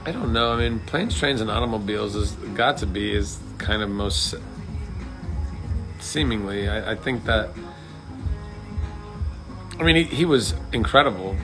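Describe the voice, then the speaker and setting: A man's voice: lowish voice, lively intonation, a little slow, pauses often, music in the background. A man in his thirties hosting a live chat and answering viewer questions, rambling and full of fillers and restarts. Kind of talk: casual chat.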